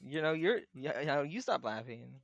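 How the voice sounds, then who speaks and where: A man co-hosting a podcast over a remote call, making dry, deadpan jokes in casual chat. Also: fairly high pitch, moderate pace, vocal fry, no room sound, highs cut off. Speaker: podcast co-host.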